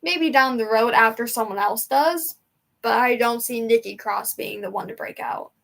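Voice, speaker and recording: Young woman streamer, rambling and emotional, slightly high voice, casual chat from home. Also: moderate pace, creaky, a bit bright. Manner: rambling, emotional, chatty fan talk. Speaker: livestream host.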